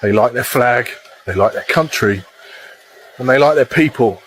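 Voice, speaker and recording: A man talking casually in a relaxed, admiring way. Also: medium pitch, normal speed, rough recording. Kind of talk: casual chat. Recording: faint background noise.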